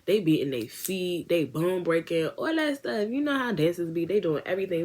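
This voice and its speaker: A woman's voice: fairly low pitch, expressive, moderate pace, a little mellow, a little hiss or hum. A young woman from Washington, D.C., casually telling a slangy storytime vlog and acting out her friends in quoted voices. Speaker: beauty vlogger.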